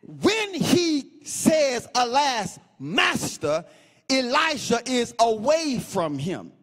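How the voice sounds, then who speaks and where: A pastor preaching a sermon, swinging between sing-song chanting and shouts and repeating phrases for emphasis. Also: male voice, very high-pitched, very animated, drawn-out words, in a large hall.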